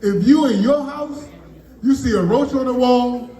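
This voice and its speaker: A man performing stand-up comedy at a party, delivering loud, animated punchlines and bantering with the crowd. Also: very high voice, unhurried, roomy sound, low-quality recording. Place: party venue, indoors.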